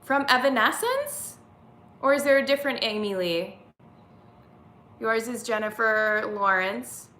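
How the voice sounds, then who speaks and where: Bright-voiced woman chatting on a live stream. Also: a little high, expressive, a little slow, long pauses, echoey room. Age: 30s. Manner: chatty, reads viewer comments aloud. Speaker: vlogger hosting a live chat. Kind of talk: casual live-stream chat.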